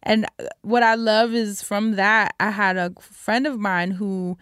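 A woman's voice: mid-range voice, steady tone, takes it slowly, a bit bright, smooth, no echo, studio quality. A woman co-hosting a podcast, candid and chatty with light laughs. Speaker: podcast co-host. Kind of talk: casual chat.

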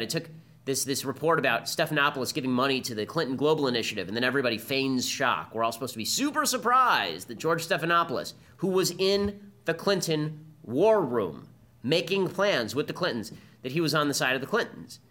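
A man's voice: a little high, sing-song, bright, forceful tone. A man hosting a podcast, delivering combative political commentary as a monologue. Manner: combative, fast-talking monologue. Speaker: podcast host.

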